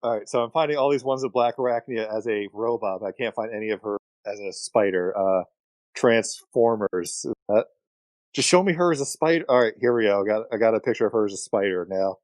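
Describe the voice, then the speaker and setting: A man's voice: on the low side, fairly quick, a little mellow, no room sound. Joking young guy, dry close sound. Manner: joking, tangent-prone. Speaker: podcast co-host. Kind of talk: casual chat among friends.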